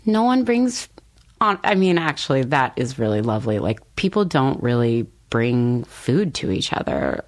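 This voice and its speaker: A woman author talking as a podcast guest, with a notably low voice. She is thoughtful and unhurried, hedges with fillers and laughs easily. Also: sing-song. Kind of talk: casual conversation.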